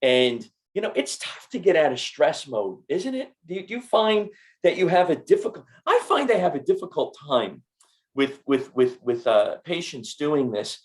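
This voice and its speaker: Male host, middle-aged, animated and chatty, slightly high pitch. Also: moderate pace. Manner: animated storyteller, repeats words. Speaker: podcast host and doctor. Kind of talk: casual interview chat.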